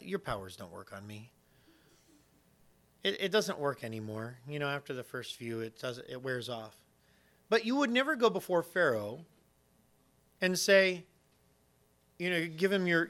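A middle-aged male pastor delivers a sermon in a relaxed, conversational way, slipping in self-deprecating jokes. His voice sits slightly high and rings bright and forceful.

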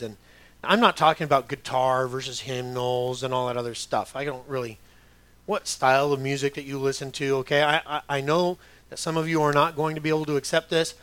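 A man's voice: a little high, a bit bright. A middle-aged man preaching a sermon as a pastor, talking conversationally with joking asides and putting on other voices.

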